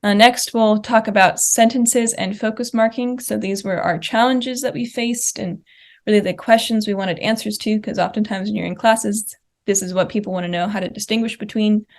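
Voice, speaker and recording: Young woman, mid-pitched, presenting research at a conference, explanatory, plain delivery with some uh and um. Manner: explanatory, walks through slide examples; uses fillers like uh and um.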